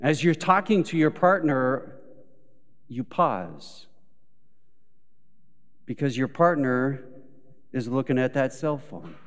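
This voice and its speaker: A man preaches in a church at an unhurried, deliberate pace, and his voice carries a long hall reverb. He tells everyday stories, acting out the lines of the people in them, and swings from quiet, low phrases up to loud, emphatic peaks. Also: lively intonation. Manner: storytelling with acted quotes, rising to emphatic peaks. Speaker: pastor. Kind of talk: sermon. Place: church sanctuary.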